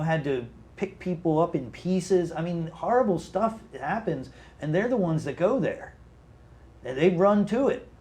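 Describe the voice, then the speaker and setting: A man's voice: on the high side, darkish tone. A man serving as a city mayor, earnestly explaining policy at length in a town hall discussion, restarting his sentences often.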